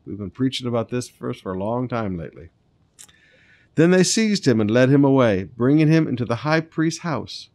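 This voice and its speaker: A man, a pastor reading scripture and preaching in a conversational way, with lively asides and soft, earnest appeals. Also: mid-range voice, normal speed.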